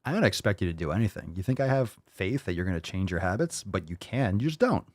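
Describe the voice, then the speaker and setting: A man's voice: low voice, lively intonation, fast talker, dry recording, clean studio sound. Blunt, mocking man reacting to a clip. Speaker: podcast host. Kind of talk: reaction commentary.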